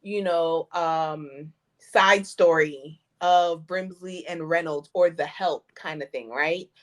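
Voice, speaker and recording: A woman co-hosting a casual show review, musing in a relaxed, thoughtful way. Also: low voice, takes it slowly. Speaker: podcast co-host. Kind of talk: casual chat.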